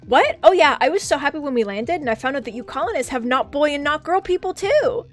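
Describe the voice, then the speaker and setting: Brief: a woman voicing an excitable game teen, fast and high, soft music under it. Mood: excited. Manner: high-pitched, quick, excitable. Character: bubbly, quick-talking nonbinary teen.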